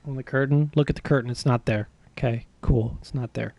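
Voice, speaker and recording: Animated, self-mocking male streamer. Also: medium pitch, a little fast, creaky, dry recording. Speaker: game streamer. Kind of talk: casual live-stream storytelling.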